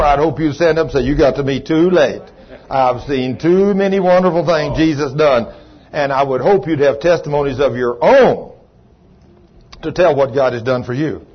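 Folksy preacher with a husky voice. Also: male voice, on the high side, a little fast, muffled recording. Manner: folksy, calls on congregation members by name. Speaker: pastor. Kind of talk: sermon. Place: church.

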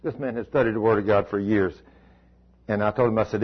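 A pastor preaching a sermon in a folksy, emphatic way that repeats key words, on a dull lo-fi recording. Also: male voice, on the low side, steady tone, a little fast, breathy edge. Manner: folksy storytelling, emphatic repetition.

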